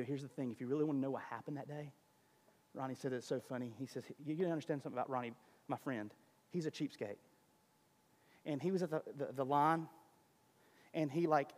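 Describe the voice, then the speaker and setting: A male pastor preaching with a high voice, shifting from forceful declarations to quiet, conversational storytelling. His sermon rings out through the long reverb of a church sanctuary. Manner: passionate, storytelling, swings between loud and soft.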